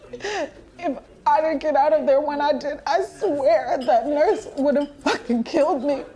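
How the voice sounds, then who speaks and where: A woman's voice: high voice, a little mellow. A woman playing an older male hospital patient who rambles chattily, with laughing asides, in a stage play monologue.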